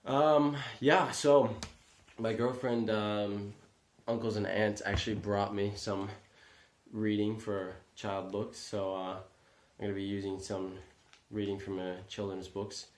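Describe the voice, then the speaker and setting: Young guy vlogging, kinda low voice, rambles a lot, echoey room. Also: completely flat delivery, a little slow, slight background noise. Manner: rambling, self-deprecating, many fillers. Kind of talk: casual vlog talk.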